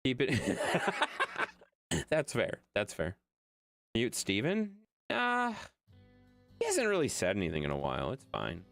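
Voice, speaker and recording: Lively-voiced man chatting on a game stream. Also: fairly low pitch, a little slow, gravelly, long pauses, faint music behind. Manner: chatty, reads viewer chat aloud and laughs often. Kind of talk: casual live-stream chat.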